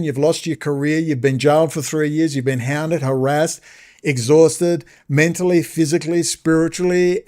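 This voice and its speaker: Male host, solo commentary, higher voice, agitated and sarcastic. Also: darkish tone.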